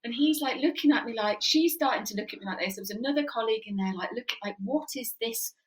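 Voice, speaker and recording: A woman in her forties, a psychotherapist and former police officer, tells animated stories in a conversational podcast interview, with frequent ums and plenty of laughing. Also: a little high, fast, low-quality recording.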